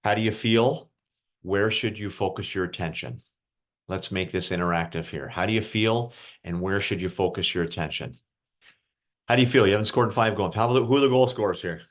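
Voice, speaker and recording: A man's voice: fairly low pitch, fairly quick. A man coaching a group of young hockey players over a video call, casual and encouraging, asking them questions. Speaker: youth hockey mental coach. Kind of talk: online group coaching session.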